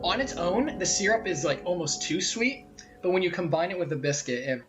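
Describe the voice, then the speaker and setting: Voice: medium pitch, expressive, brisk. A streamer at home with an Eastern Canadian and American hybrid accent, chatting casually and rambling, with many fillers and self-corrections. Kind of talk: casual live-stream chat while eating. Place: at home near the kitchen. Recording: slightly muffled stream mic with music.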